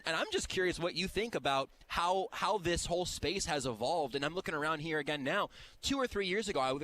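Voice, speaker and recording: A man's voice: on the high side, a bit bright, slight background noise. A man hosting a radio show from a busy event floor, talking eagerly and restarting his sentences often. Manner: rapid, eager talker with stammered restarts. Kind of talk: casual radio chat.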